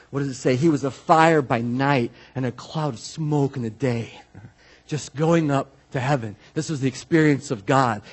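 A man preaching a sermon as pastor, animated and conversational, with many asides and repeated phrases. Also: medium pitch, breathy edge.

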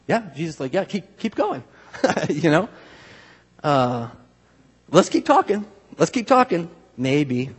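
A man preaching a sermon in a conversational, animated way, acting out voices of people he quotes. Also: on the high side, unhurried, long pauses, slightly rough. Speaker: pastor. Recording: long hall reverb.

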